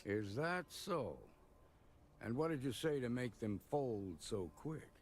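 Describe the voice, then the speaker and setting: A man's voice: mid-range voice, lively intonation, takes it slowly, a little mellow, a little hiss or hum. A male actor voicing a folksy frontier lawman in a video game, handing out dry praise. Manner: folksy drawl, dry compliments. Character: gruff frontier lawman, proud and approving. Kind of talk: game voice acting.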